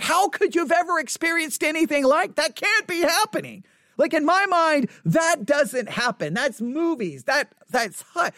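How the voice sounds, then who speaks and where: A pastor preaching, who tells a story with animated emphasis and rises to indignant conviction. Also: sits high, no echo, clean studio sound. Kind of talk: sermon.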